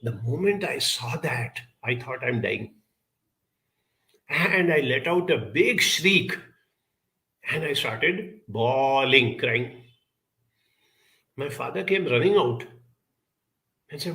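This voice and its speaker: A man giving a reflective self-help talk, telling a childhood story in an unhurried way and acting out the people he quotes. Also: medium pitch, creaky, poor audio. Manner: storytelling, quoting others in lively voices; unhurried, spoken as if to listeners.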